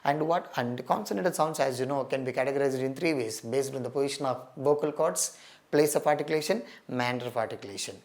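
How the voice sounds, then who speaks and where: A man's voice: mid-range voice, fast, a little mellow. A man with an Indian English accent giving an exam coaching lecture, earnest, stressing key points and calling his listeners "my friend". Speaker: teacher.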